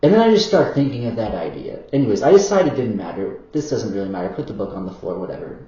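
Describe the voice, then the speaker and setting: A man's voice: lowish voice, big pitch swings, fast, mellow. A man talking in a rambling, hesitant monologue, full of fillers, self-corrections and apologetic asides. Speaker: vlogger. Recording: roomy, dull-sounding recording.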